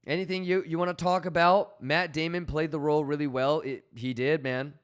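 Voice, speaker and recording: Here the stream host's voice is a little high, clear and resonant, with a level tone and a brisk delivery. He keeps the casual livestream chat loose and full of swearing, reading chat aloud and shouting out viewers by name with plenty of hype.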